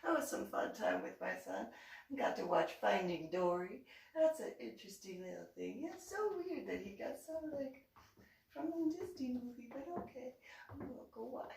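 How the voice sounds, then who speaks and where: A woman's voice: on the high side, moderate pace, creaky. A woman vlogger telling a rambling personal story in casual talk, laughing often between lines. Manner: lively, rambling anecdotal delivery. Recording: echoey room, distant from mic.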